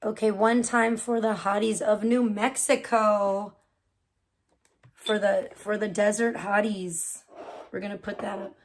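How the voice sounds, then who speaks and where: A woman's voice: medium pitch, little pitch movement, a little slow. A woman hosting a casual livestream from her home, chatting in a rambling way with many fillers and restarts. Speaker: livestream host. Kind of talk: casual chat. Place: room at home with cats.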